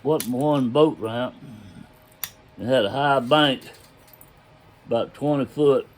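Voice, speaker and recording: A man's voice: mid-range voice, slow, slight background noise. An older man telling a story about his own past in a casual, folksy way. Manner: folksy drawl, loose grammar, chuckles as he tells it.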